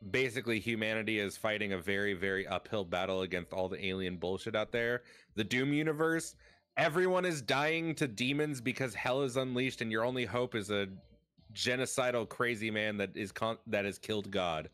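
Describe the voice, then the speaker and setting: Male streamer, low register, clean resonant tone, loose filler-heavy chat that jumps into excited bursts. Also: clear, resonant tone.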